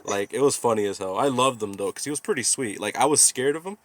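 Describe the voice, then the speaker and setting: A man's voice: medium pitch, expressive, quick pace, over a noisy crowd. A young man hosting a casual podcast chat, laid-back, laughing often and calling people dude and bro. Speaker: podcast host.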